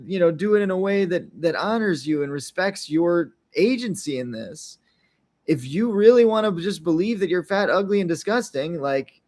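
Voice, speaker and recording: A man hosting an unscripted podcast, talking in a loose, rambling way, often checking in with "right?" and briefly acting out little quotes. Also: on the high side. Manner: rambling, frequent tag questions, acts out little quotes. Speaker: podcast host.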